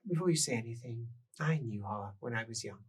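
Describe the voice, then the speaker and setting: The game master voicing a regretful woman in her fifties who talks quietly about her past. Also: medium pitch, fairly quick, distant mic, a little hiss or hum, close to an everyday voice. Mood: wistful. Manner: soft, quiet, wistful.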